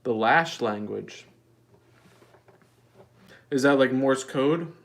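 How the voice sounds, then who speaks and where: Male livestream host, unhurried, dry mock-earnest delivery, guitar in the background. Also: mid-range voice, gravelly. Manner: deadpan, mock-earnest comedic rambling. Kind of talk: casual livestream chat.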